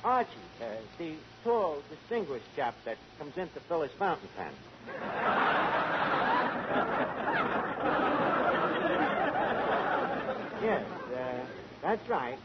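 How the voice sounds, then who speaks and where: An actor playing a brash, fast-talking tavern manager in a 1940s radio comedy, mangling his grammar. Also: a little high, wildly swooping pitch, heavily acted. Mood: wisecracking. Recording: hissy lo-fi old radio broadcast.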